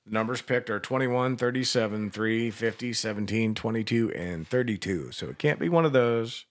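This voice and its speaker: A man's voice: lowish voice, moderate pace. A man co-hosting a casual radio show, joking crudely and swearing as he runs a number-picking giveaway.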